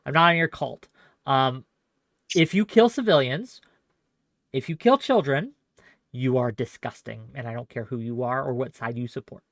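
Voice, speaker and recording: A man's voice: mid-range voice, moderate pace, pauses often, no echo, clean studio sound. A man hosting a live call-in debate stream, talking bluntly and emphatically with some profanity.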